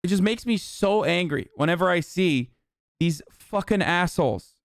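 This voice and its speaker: A man tears into a topic on his stream with heated, profanity-laced commentary. His voice sits fairly high for a man. The sound is close and dry, with no room echo. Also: lively intonation, normal speed. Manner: profane, angry ranting.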